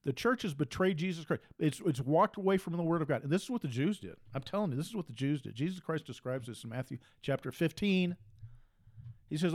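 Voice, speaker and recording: A man's voice: a little high, a little fast, a little mellow. Emphatic man preaching, raised voice. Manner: emphatic and repetitive, hammering phrases. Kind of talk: preaching monologue.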